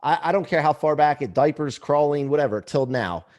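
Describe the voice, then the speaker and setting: A man's voice: fairly high pitch, brisk, a little mellow. A man hosting a casual interview, joking and laughing along with his guest. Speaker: podcast host.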